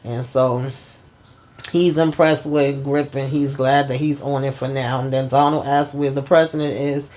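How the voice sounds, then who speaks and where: A woman's voice: a bass voice, steady tone, a little slow, darkish tone. Chatty woman recapping a TV episode. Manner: chatty, retells scenes with frequent "you know" and "okay?". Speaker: host.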